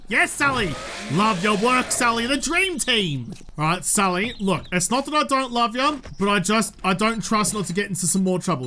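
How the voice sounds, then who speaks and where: A man's voice: high-pitched, bright, forceful tone, a little hiss or hum. A young Australian man giving chatty let's-play commentary, talking to the game's characters and jumping between topics. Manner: chatty, jumpy, talks to game characters. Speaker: gaming YouTuber.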